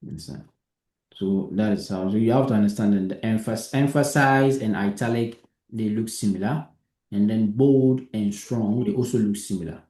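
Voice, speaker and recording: A man runs a hands-on coding lesson, patiently explaining and asking again and again whether it is understood. His voice sits low and mellow. The room around him adds a noticeable echo. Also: normal speed. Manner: patient, repeats himself and checks understanding. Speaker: coding teacher.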